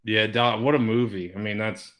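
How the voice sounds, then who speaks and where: A man co-hosting a casual beer podcast, excitable and jokey, often laughing and swearing as he tells stories. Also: lowish voice, normal speed, background noise. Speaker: podcast co-host. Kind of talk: casual chat over beers.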